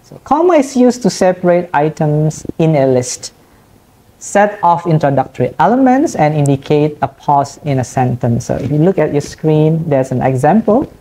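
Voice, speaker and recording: Low-voiced lecturer with Indonesian accent. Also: female voice, very animated, warm tone. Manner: explains slowly, repeats example sentences aloud. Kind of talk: recorded online lecture.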